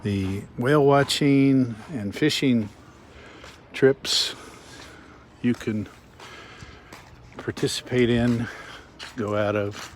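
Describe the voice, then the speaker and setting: A man's voice: medium pitch, drawn-out words, long pauses, slight background noise. A man hosting a casual walking vlog outdoors along a waterfront, giving chatty, joking tour-guide commentary. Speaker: vlog host.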